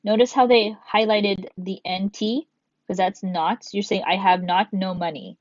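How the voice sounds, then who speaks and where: A woman's voice: medium pitch, fairly even intonation, a little slow, no echo. A woman teacher giving a recorded grammar lesson, patiently explaining step by step and reading examples aloud. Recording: dull, dry lo-fi sound.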